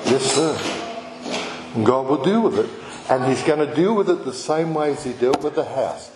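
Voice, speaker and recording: A man's voice: mid-range voice, animated, fairly quick. Man, pastor, emphatic sermon, long hall reverb, noisy background. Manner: impassioned, emphatic, repeats phrases. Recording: echoey hall with background noise.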